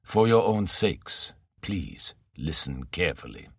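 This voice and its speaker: A man reading the part of a smooth, educated male villain with a non-American English accent, speaking calmly and with measured menace. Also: deep voice, dry recording, clean studio sound, exaggerated voice. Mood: coolly threatening.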